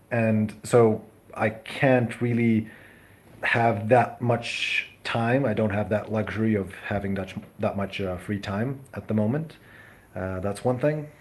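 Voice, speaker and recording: A young man from Serbia talks through a relaxed live stream, slow and unhurried, his voice pitched a little low. He stops and restarts often, thanking viewers warmly as he goes. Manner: hesitant, many ums and restarts. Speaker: livestream host. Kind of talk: casual live chat reading viewer comments.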